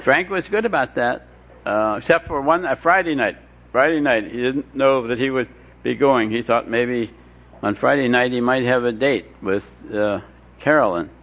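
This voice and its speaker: Wry man telling his story, lo-fi. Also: mid-range voice. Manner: wry, self-deprecating, with halting restarts. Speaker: speaker sharing his recovery story. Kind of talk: humorous storytelling talk. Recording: dull lo-fi recording with faint hiss.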